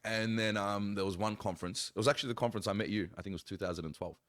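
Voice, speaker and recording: Animated deep-voiced man telling a story. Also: very fast, a little hiss or hum. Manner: animated storytelling, acts out quotes with big pitch jumps. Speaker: pastor. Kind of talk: casual chat.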